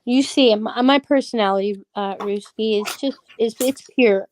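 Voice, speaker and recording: A woman's voice: on the high side, normal speed, slight background noise. A woman chatting casually as a guest on a stream, talking earnestly and rambling with many restarts. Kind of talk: casual chat.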